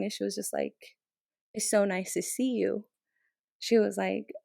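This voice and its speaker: A young woman, a military training instructor from the Navajo Nation, telling a story in an interview with emotional, animated retelling. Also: mid-range voice, a little fast, creaky, dry recording, studio quality. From Navajo Nation, Southwest US.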